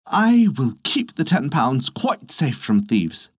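A man's voice: mid-range voice, sing-song, takes it slowly, husky, no echo, clean studio sound, heavily acted. A man voicing a gullible, fussy old farmer's wife in a raised, fluttery voice. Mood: smug. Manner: exclaiming, doting.

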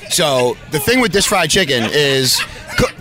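A man's voice: on the high side, a little slow, music in the background, crowd noise. A man from New Jersey hosting a podcast, telling stories animatedly and acting out the dialogue in them. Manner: animated, acts out quoted dialogue. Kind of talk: casual storytelling.

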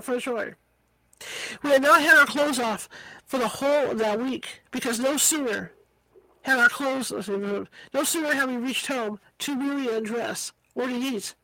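A woman's voice: a little high, fairly bright tone, no echo, low-quality recording. A woman reading a book aloud as an amateur reader, tripping over hard words and slipping in casual asides. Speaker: audiobook reader.

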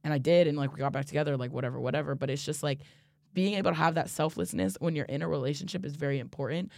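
A woman co-hosting a casual chat, an animated storyteller who laughs easily and swears casually. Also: deep voice, racing, creaky, dry recording, studio quality. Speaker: podcast co-host.

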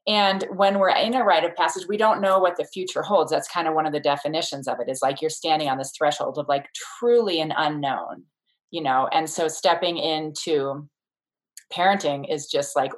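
A woman with a notably low voice speaks as a childbirth educator in a relaxed interview. She explains her ideas thoughtfully and circles back with fillers and restarts as she goes. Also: normal speed, poor audio. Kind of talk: casual interview conversation.

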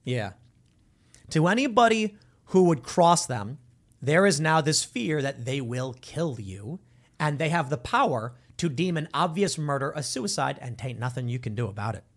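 A man's voice: fairly high pitch, normal speed. A man hosting a casual commentary monologue, telling stories and acting out the people in them. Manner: animated storytelling, acts out quoted voices. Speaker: political commentary host.

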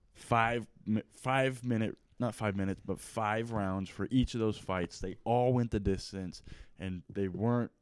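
A man's voice: on the low side, clean tone, no room sound, clean studio sound. A young man, a fighter telling his story in casual chat, full of "like" fillers. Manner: animated storytelling, lots of "like" fillers. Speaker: fighter guest.

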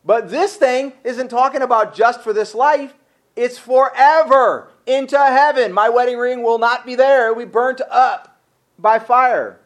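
In an unhurried, very high voice, a male pastor preaches, returning again and again to rhetorical questions to drive his message home. He pauses his commentary to read scripture aloud.

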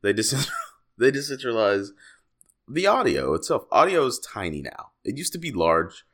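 A man co-hosting a podcast, telling animated, joking stories in casual chat. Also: medium pitch, normal speed. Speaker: podcast co-host.

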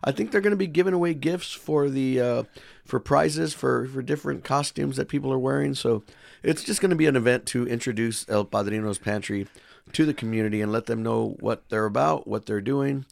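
Podcast co-host, man, laid-back and friendly-plain, gravelly tone, dry close mic. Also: mid-range voice, brisk, dry recording. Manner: relaxed, promoting a community event, many fillers. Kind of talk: casual chat.

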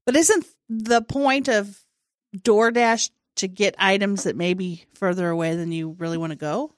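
A woman chatting casually, telling stories with a deadpan joking manner. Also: mid-range voice, measured pace, no echo, clean studio sound. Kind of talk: casual chat.

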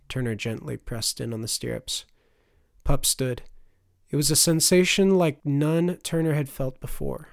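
A man narrating a fantasy audiobook in a steady, expressive storytelling manner. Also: medium pitch, measured pace, gravelly, no echo, clean studio sound.

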